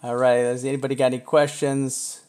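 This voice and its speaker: A man hosting a trading live stream, talking casually over charts, chatty and self-mocking, with bursts of excitement. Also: medium pitch, a little fast.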